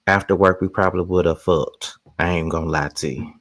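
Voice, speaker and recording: A man's voice: sits low, steady tone, fairly quick, a bit bright, no echo, clean studio sound. A man giving candid, casual asides to the camera, repeating himself and swearing freely. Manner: candid, repetitive, profane. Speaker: vlogger commenting. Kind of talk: casual commentary.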